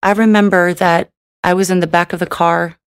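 A woman's voice: fairly low pitch, level tone, normal speed, clear, resonant tone, no echo, studio quality. A middle-aged woman giving an emotional personal testimony in a tearful manner, with many repeated "you know"s. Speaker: testimony speaker.

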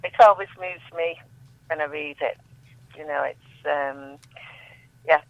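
A woman, a guest on a call-in show, reading her poems aloud in a slow, solemn recital with soft, falling line endings. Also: deep voice, fairly even intonation, gravelly, no echo. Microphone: telephone. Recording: tinny phone line, dry.

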